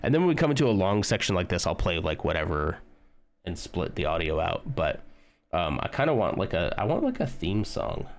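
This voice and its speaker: A man's voice: deep voice, big pitch swings, brisk. A man casually chatting with viewers on a live stream while building a model kit, rambling and humming tunes as he works.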